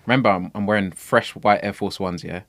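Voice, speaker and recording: A young man excitedly retelling street-interview stories as a podcast guest in casual chat. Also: lowish voice, fairly quick, dry recording. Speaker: podcast guest, camera operator.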